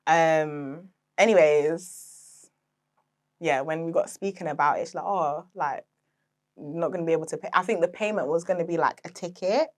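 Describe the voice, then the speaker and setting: A woman's voice: deep voice, moderate pace. A young woman guest telling stories in a casual interview, chatty and full of fillers, laughing often. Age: young adult. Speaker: podcast guest, interior decor founder.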